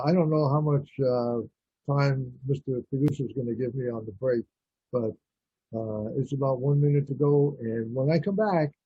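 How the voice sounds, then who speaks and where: A man's voice: mid-range voice, slightly rough, no echo. A man hosting a radio talk show, talking in a rambling, blunt and opinionated monologue. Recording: dull lo-fi radio audio.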